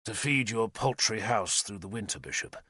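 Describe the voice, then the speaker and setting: A man voicing a calm, commanding warlord who speaks low and measured. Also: breathy edge, no room sound, studio quality, full character voice. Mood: stern. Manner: low, measured, quietly stern.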